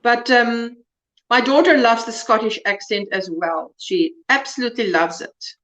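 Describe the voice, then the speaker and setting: A woman's voice: a little high, a little slow, fairly bright tone, reverberant, muffled recording. A woman hosting a casual crochet livestream, chatting and reading viewer comments aloud while she works. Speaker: livestream host.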